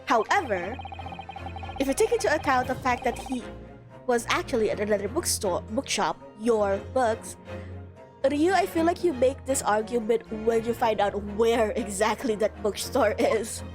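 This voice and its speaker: A woman's voice: fairly high pitch, lively intonation, normal speed, close to an everyday voice. A woman voicing an earnest young male defense lawyer in a formal manner, over game music.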